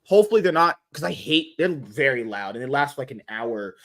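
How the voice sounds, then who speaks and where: A man's voice: medium pitch, lively intonation, fairly quick, a bit bright. A man hosting a podcast stream, joking crudely and laughing a lot with friends. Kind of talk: crude casual banter.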